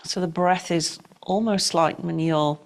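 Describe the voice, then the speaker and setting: A middle-aged woman teaching yoga and breathwork, giving calm, unhurried, gently directive cues for breathing and movement. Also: on the low side, gravelly, slight background noise. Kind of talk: guided breathwork and yoga instruction.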